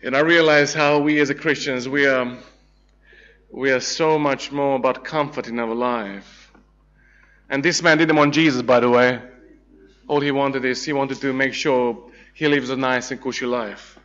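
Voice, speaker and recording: A man's voice: medium pitch, fairly even intonation, a little slow, a bit bright. A man from Serbia, preaching a humorous sermon, telling jokey stories with laughs and many restarts. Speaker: pastor. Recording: dull lo-fi sound.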